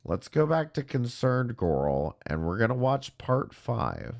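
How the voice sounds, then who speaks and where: A man hosting a commentary show, talking in a sarcastic, deadpan way. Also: medium pitch, slow pace, gravelly. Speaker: commentary channel host. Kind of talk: casual mocking commentary.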